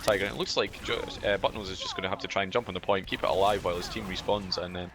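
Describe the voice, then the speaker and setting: Low-voiced Scottish esports caster. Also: male voice, racing, a crowd in the background. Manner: relaxed, filler-heavy play-by-play with banter. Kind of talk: live game commentary.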